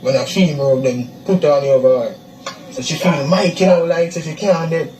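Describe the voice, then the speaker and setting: A young man with a Jamaican Patois accent, giving a halting, repetitive eyewitness account, recorded in a distant, echoey, noisy clip. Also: on the high side. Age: young adult. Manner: halting, repeats himself, acts out quotes. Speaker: witness interviewee.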